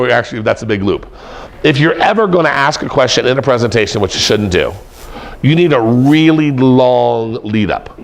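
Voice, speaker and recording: A middle-aged man teaching presentation skills to a class, animated and joking, repeating words for emphasis. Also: mid-range voice, gravelly. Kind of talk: lively classroom lecture. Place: classroom with an audience.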